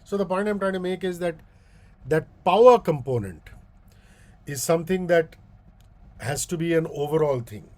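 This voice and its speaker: Man, animated guest talk. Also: on the high side. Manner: animated, pace shifting between slow emphasis and quick asides. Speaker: guest speaker, radio host. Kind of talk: conversational talk on leadership speaking.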